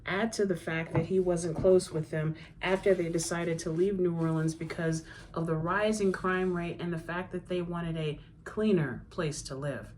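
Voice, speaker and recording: A woman reads her own novel aloud in a fairly low voice. Her first-person narration is conversational and steady, with a faint background hiss. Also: moderate pace, few pauses. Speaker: author reading her novel. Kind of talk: audiobook-style reading.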